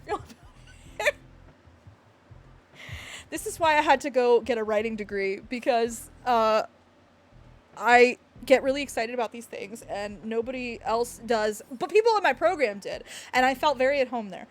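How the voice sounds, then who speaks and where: High-pitched woman streamer, rambling, animated, laughing and apologizing, desk thumps on the mic. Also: moderate pace, pauses often. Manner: gestures and hits the desk when excited. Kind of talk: excited livestream chat reacting to a game. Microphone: desk mic picking up thumps.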